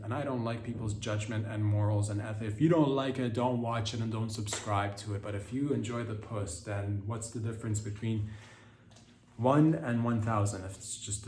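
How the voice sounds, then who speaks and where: A man's voice: on the low side, a little mellow. A man hosting a podcast, rambling through a crude comedic monologue full of stumbling restarts. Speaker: podcast host. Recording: roomy echo.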